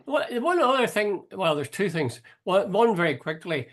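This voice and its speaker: A man's voice: high voice, sing-song, moderate pace, fairly bright tone. An older man, hosting a casual political chat, wry and questioning, thinking aloud with frequent restarts. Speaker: host.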